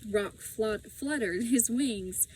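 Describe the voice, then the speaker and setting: A woman reading a children's storybook aloud in a slow, expressive way. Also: a little high, a little hiss or hum, rough recording. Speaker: audiobook reader.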